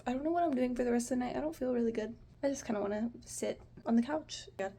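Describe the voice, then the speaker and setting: A woman's voice: fairly high pitch, fast, mellow, slight background noise. A woman in her twenties from the United States, rambling casually to the camera in a vlog at home, full of "like" and "you know". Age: 20s. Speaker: vlogger. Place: home apartment.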